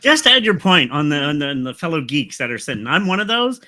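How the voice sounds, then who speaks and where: Brief: male guest, very bright tense voice, halting delivery. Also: a little high, big pitch swings, no echo, clean studio sound. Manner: halting, restarts sentences. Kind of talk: casual chat.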